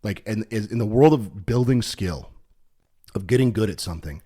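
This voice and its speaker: A man's voice: on the low side, moderate pace, slightly rough. Rambling, filler-heavy man on a podcast. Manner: rambling, lots of "like" fillers and restarts; animated when retelling stories. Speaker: podcast co-host. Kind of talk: casual chat.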